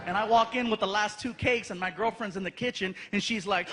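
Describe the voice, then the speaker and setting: A man performing stand-up on stage, his voice pitched high for a man and bouncing through stories full of laughter and quick acted-out voices. Crowd noise is clearly heard in the room around him. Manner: animated, laughing, acting out voices. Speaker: stand-up comedian. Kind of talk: stand-up comedy storytelling. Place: live comedy venue with audience.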